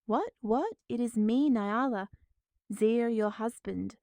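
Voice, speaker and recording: A woman voicing a ruined husband who pleads hysterically for help, in a mellow, smooth voice. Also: a little high, slow pace, no room sound. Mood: frantic. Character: desperate ruined man, pleading and sobbing.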